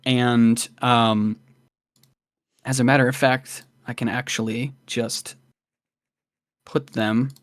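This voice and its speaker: A man narrating a tabletop game as dungeon master, unhurried, with fillers between beats. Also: mid-range voice, level tone, dry recording.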